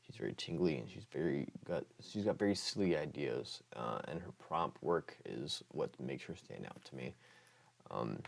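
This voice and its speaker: A man's voice: extremely low pitch, lively intonation, normal speed, creaky. A young man hosting an ASMR channel, chatting casually about other creators, rambling and hesitant with many fillers, his voice sounding a bit off. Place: room with Pokemon items.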